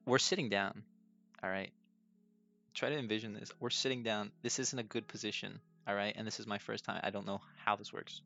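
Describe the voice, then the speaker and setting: Young male podcast host, low pitch, nervous and self-mocking storyteller, muffled lo-fi recording. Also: fairly even intonation, a little fast, creaky, sharp tone. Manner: nervous, self-deprecating, laughs often. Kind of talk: casual solo storytelling. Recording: dull lo-fi sound with faint music.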